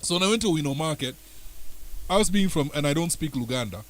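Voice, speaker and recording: Animated man on studio radio. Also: on the high side, fast talker, rough recording. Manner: animated storyteller, mimics other accents. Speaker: radio guest, music producer. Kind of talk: casual radio chat.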